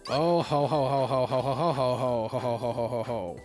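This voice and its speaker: A man's voice: lively intonation, slow pace, faint music behind. A man reading as a vain, haughty princess. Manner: haughty, grand, booming. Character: vain pompous princess, a woman adored by fans.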